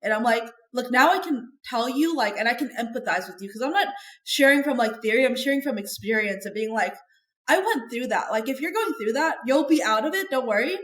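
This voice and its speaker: A woman's voice: fairly high pitch, expressive, brisk, fairly bright tone. A woman guest in a podcast interview, talking in a chatty, earnest way and filling her sentences with "like". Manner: chatty and earnest, heavy use of "like". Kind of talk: candid conversational interview. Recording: echoey room.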